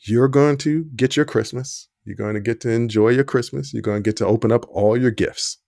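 A man's voice: medium pitch, brisk, creaky, dry recording, studio quality. A man hosting a podcast, telling a personal story and acting out the voices in it. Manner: animated storyteller, acts out quoted dialogue. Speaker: podcast host.

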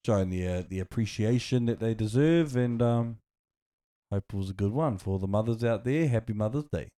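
A man's voice: on the low side, a little fast, mellow. A man co-hosting a podcast in a studio, easygoing and laughing often, tossing in "bro" as he talks. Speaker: podcast co-host. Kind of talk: casual chat.

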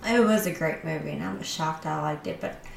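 A woman chatting casually as co-host, telling stories with animated quoted voices. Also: deep voice, a little fast, creaky, recorded from a distance, a little hiss or hum. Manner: animated storyteller. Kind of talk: casual chat. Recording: echoey room with faint ambience.

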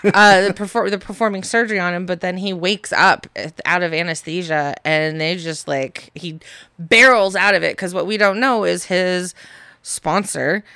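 A woman's voice: lowish voice, normal speed, bright, forceful tone, smooth, dry recording. A woman casually chatting on a podcast and filling in the plot details of a movie. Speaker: podcast co-host. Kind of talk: casual movie recap chat.

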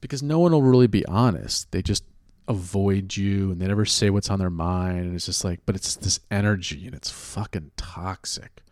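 A low-voiced man from California, riffing sarcastically and swearing freely as he talks. His delivery rambles through false starts and filler. The sound is close and dry with no room around it. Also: moderate pace, darkish tone, no room sound. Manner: sarcastic, profane, rambling with many restarts. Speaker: actor and writer. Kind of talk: casual chat.

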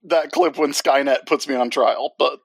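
A man co-hosting a podcast in casual chat, joking with big swings in pitch. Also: fairly even intonation, normal speed, creaky, breathy edge, no echo. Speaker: podcast co-host. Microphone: remote call.

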